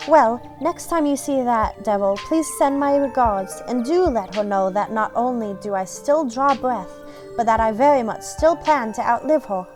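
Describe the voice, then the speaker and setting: A woman's voice: fairly high pitch, lively intonation, normal speed, darkish tone, soft background music, natural voice. Woman voicing a bubbly small-town young woman. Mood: playful. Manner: bubbly, playful, a little dramatic.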